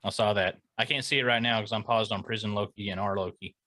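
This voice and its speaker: A man's voice: on the low side, steady tone, fast, sharp tone, no room sound. A man co-hosting a podcast in casual chat, laid-back with dry jokes and short agreeing replies. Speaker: podcast co-host.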